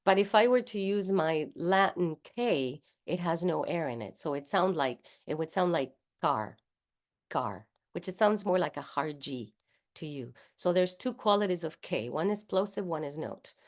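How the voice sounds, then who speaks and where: A woman with a Spanish accent, speaking in a slightly low voice. She leads an online voice workshop over a video call. She explains each point patiently and sounds the consonants and vowels out loud as she goes. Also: expressive, moderate pace. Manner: explains patiently, demonstrating speech sounds aloud. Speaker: voice workshop leader.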